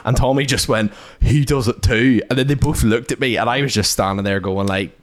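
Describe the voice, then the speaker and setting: A young man spins a story on a casual podcast, his voice sitting a touch low. He talks in bursts, swearing freely and leaning on "like" as he goes. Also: fast talker. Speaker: podcast co-host. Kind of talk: casual chat.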